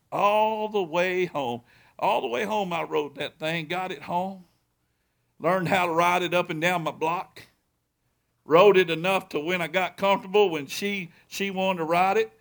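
A man preaching a sermon as pastor, telling a story with loud excited peaks and quiet low stretches. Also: creaky.

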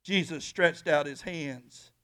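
A man preaching a sermon as pastor in a church, emphatic, swinging from soft talk to shouting. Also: fairly high pitch, takes it slowly.

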